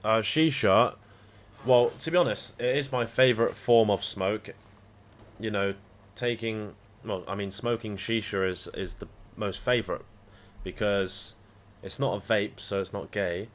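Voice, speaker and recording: This man's voice is lowish and a little slow, with fairly even intonation. He's a live trading streamer, rambling through casual, profanity-laced banter with the people watching his livestream.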